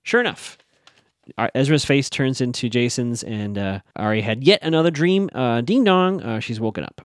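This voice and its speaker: A man talks through a show's plot in a loose, chatty way, full of asides to his listeners. His pitch swings up and down a lot. The sound is dry and close, with no room echo. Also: lively intonation, moderate pace. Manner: chatty, asides to the audience, frequent fillers. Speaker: show recap host. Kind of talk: casual episode recap.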